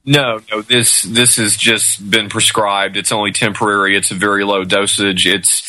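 A man as a show guest, talking earnestly and haltingly with fillers. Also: fairly low pitch, level tone, bright, forceful tone, dry recording, rough recording. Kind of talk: casual interview talk.

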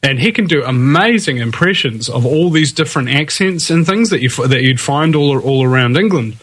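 A man's voice: mid-range voice, expressive, a little fast, fairly bright tone. A man with a New Zealand accent, a guest on a call-in show, telling a rambling tall tale with a straight face. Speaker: guest radio host. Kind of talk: casual call-in chat.

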